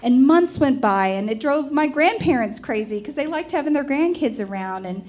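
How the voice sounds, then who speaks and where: A woman performing a personal storytelling piece about a haunted house, animated and emphatic, slowing down for the dramatic moments. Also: high-pitched.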